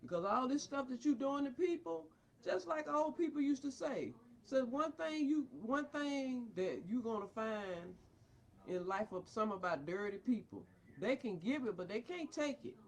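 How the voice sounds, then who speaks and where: A woman's voice: sits high, expressive, normal speed. A woman ranting angrily at a doctor about her child in a confrontational, preachy, scolding way. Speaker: parent. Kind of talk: angry rant addressed to a doctor.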